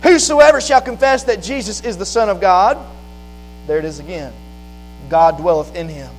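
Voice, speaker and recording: A man preaching a sermon, moving from quiet, plain explanation to loud, fervent preaching. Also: high-pitched, moderate pace, poor audio. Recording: faint mains hum behind.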